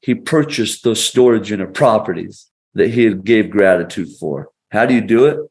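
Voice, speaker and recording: A man's voice: lowish voice, animated, moderate pace, darkish tone. A man who is a podcast guest, telling stories in an emphatic, motivational way with punchy phrasing. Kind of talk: conversational storytelling.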